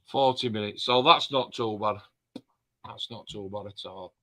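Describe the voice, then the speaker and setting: A man's voice: fairly low pitch, normal speed, a bit bright. A man co-hosting a live stream, chatting casually, joking and swearing with his friend. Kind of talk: casual chat.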